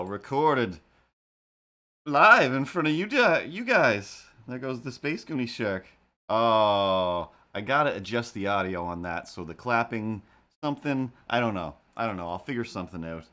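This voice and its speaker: A man hosts a live stream in a low-ish voice, rambling from one joke to the next as he talks to his chat. He speaks into a desk mic at his computer, keeping it casual and unscripted. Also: moderate pace, fairly bright tone.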